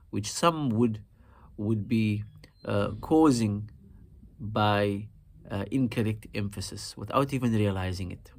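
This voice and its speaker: A man teaching Quran recitation, explaining in a calm, measured way and repeating example words slowly and deliberately. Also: lowish voice, vocal fry, slight background noise.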